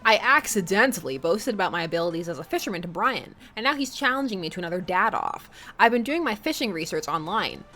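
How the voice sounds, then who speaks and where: A woman's voice: medium pitch, expressive, quick pace, hardly any pauses, sharp tone. A young woman streaming a dating game, reading it aloud and chatting playfully with her viewers, laughing often.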